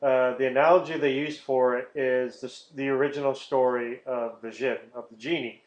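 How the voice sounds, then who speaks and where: A podcast co-host with a medium-pitched voice and fairly even intonation rambles through stories at a normal speed, swearing a lot and laughing often in casual chat. The sound is roomy, dull, and lo-fi.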